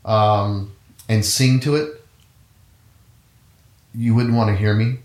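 Low-voiced man telling rambling stories. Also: takes it slowly, reverberant. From Cincinnati, USA. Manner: rambling storyteller with frequent restarts and fillers. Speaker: guest musician, trumpet player. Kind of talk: casual conversational interview.

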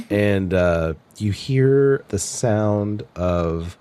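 A man's voice: on the low side, lively intonation, drawn-out words, mellow, clear, resonant tone. A man narrating a tabletop game as game master, joking and laughing often.

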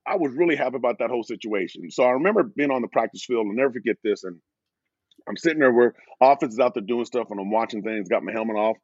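A man's voice: fast talker, slightly rough, no echo, lo-fi sound. A middle-aged man, a former pro football player, telling stories in a podcast interview and acting out quoted exchanges. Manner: animated storyteller, acting out quoted exchanges in a higher voice.

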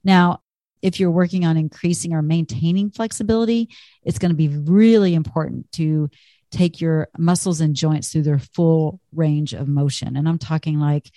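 A woman talks fitness in a chatty, encouraging way that pokes fun at herself. Her voice sits a bit low and mellow. The recording is dry and close, with no room echo. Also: normal speed. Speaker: fitness instructor. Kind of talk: upbeat fitness talk.

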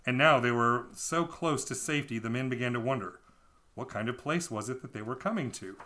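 Brief: amused male podcaster, bright voice, mocking a storybook as he reads. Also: medium pitch, fairly quick. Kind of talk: reading a children's book aloud with mocking asides.

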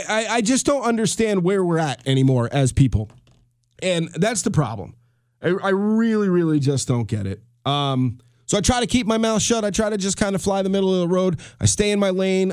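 Host, male, 30s, high-pitched, heated swearing rant, dry close mic. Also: animated, fairly quick, darkish tone, smooth, dry recording. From United States. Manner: fired-up, swearing, repeats and restarts. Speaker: podcast host. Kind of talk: solo podcast rant.

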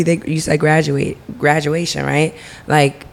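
Gravelly, chatty woman co-host. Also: sits low, measured pace, few pauses. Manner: chatty, laughs easily, informal grammar. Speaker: podcast co-host. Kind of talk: casual podcast chat.

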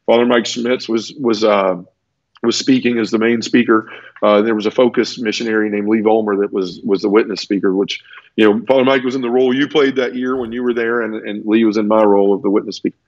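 A man's voice: lowish voice, steady tone, fairly quick, darkish tone, no room sound, lo-fi sound. A man earnestly telling his personal conversion story in a conversational interview, tumbling through it with restarts. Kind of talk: conversational testimony.

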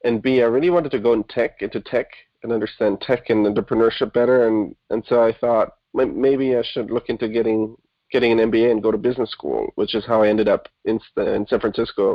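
A man in his thirties from Germany talks as an interview guest, chatty and quick to laugh at himself. The sound is dry and close, with a dull, lo-fi quality. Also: medium pitch, no room sound. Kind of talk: casual interview conversation.

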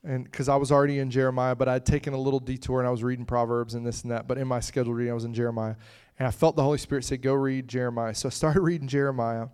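A man's voice: mid-range voice, level tone, very fast, a little mellow, smooth. A man preaching a conversational sermon, chatting with the congregation and breaking into fits of laughter.

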